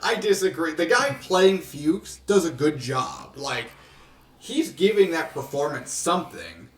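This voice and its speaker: A man co-hosting a casual movie review podcast, joking and animated with playful rants. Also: fairly high pitch, unhurried, far from the mic. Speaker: podcast co-host. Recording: echoey room, off-mic.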